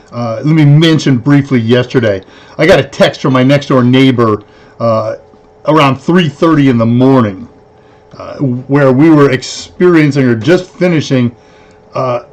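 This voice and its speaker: A man hosting a weekly tech livestream, chatting casually in a rambling way, counting aloud and correcting himself. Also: medium pitch. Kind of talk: casual live-stream chat.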